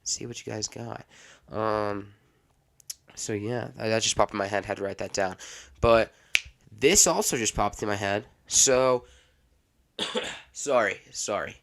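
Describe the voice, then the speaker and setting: A man's voice: lowish voice, measured pace, vocal fry, pauses often, fairly bright tone. Rambling, exasperated male podcast host. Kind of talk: solo podcast monologue.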